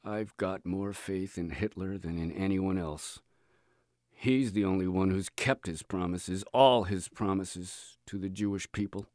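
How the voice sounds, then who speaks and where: A man's voice: fairly low pitch, unhurried, no echo, studio quality, close to an everyday voice. A man doing a weary, despairing prisoner. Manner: weary, flat, hushed.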